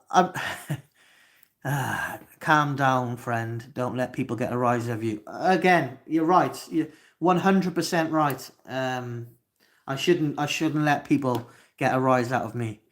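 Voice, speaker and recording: A man's voice: medium pitch, takes it slowly. A Welsh man in his twenties hosting a live stream, reading chat comments aloud and swearing at trolls. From Wales. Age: 20s. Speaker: livestream host.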